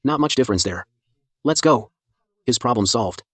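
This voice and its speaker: A calm young ghost doctor. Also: male voice, mid-range voice, moderate pace, husky, dry recording. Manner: calm, composed.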